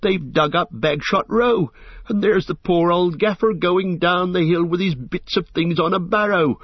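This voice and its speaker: A man's voice: mid-range voice, unhurried, slightly rough, dry recording. A man voicing a loyal, homely male hobbit servant with rustic country speech, on a dull lo-fi recording. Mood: frantic.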